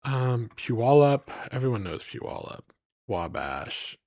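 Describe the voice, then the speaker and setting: A man's voice: mid-range voice, big pitch swings, takes it slowly, darkish tone, no echo. A man streaming live, rambling playfully to his chat as he reads place names aloud.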